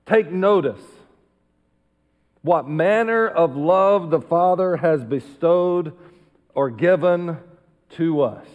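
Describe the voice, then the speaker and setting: A male pastor preaching a sermon emphatically, dropping into quiet asides. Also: a little high, long reverb tail. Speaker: senior pastor. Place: church sanctuary.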